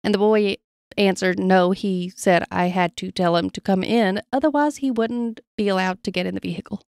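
A woman's voice: medium pitch, moderate pace, darkish tone, clean tone, no room sound, studio quality. A woman podcast co-host reading paranormal stories from her notes in a casual chat, laughing easily and playing along with jokes.

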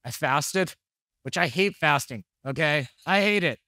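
A man's voice: a little high, lively intonation, a little slow, sharp tone, dry recording, studio quality. A man preaching a conversational sermon, telling candid, jokey stories and acting out the dialogue. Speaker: pastor.

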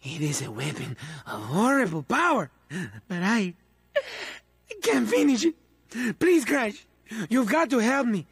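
An actor voicing a manic, melodramatic male mad-scientist henchman in a video game, with a raspy, theatrical delivery that swings between wheedling and raging. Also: big pitch swings, slow, long pauses, no echo, full character voice. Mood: fretful. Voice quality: raspy, high-strung, theatrical. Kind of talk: video game character voice acting.

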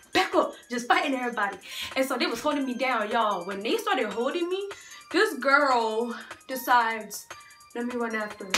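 A young woman vlogger telling a storytime tale in an animated, slangy way, talking straight to her viewers. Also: sits high, roomy sound. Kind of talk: storytime vlog.

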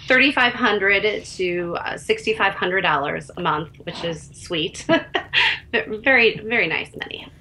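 A woman with a bright, sharp-edged voice chats eagerly as a sales consultant on a video call. She laughs easily. A faint hum of noise sits behind her. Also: medium pitch, slow, low-quality recording. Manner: chatty, enthusiastic, laughs easily. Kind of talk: casual testimonial chat.

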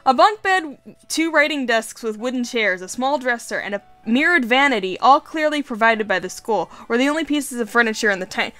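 A woman's voice: on the high side, lively intonation, a little fast, bright, forceful tone. A woman hosting a let's play, reading a dating game aloud with casual, giggly commentary and swearing.

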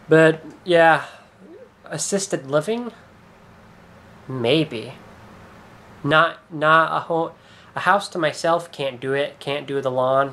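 A young man with a somewhat high voice rambles through a vlog monologue. He hesitates, swears a lot, and keeps trailing off mid-sentence before starting again. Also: fairly bright tone. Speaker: YouTuber.

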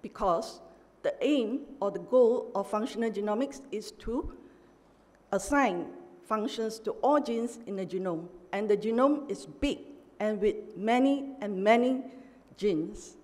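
A middle-aged woman professor giving an academic lecture, measured and emphatic, pausing often with "uh". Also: medium pitch, darkish tone. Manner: measured, emphatic, with frequent "uh" pauses. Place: large university lecture hall. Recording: long hall reverb.

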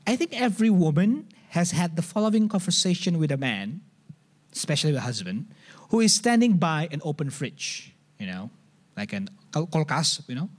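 A man with an Indonesian accent preaching a sermon at a church service, conversational and animated, often restarting and acting out examples. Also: on the high side, normal speed. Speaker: pastor.

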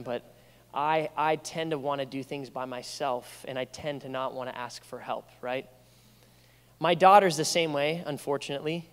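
A man's voice: medium pitch, clear, resonant tone. A young man preaching a sermon as pastor, telling stories in a conversational way with playful asides. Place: church sanctuary. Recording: reverberant church hall.

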